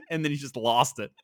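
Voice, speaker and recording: A male podcast co-host who teases in a dry, wry way. His voice sits a little high and moves around a lot in pitch. The recording is close and dry. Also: a bit bright, no echo. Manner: dry, wry jokes and mock quotes. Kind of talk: casual chat.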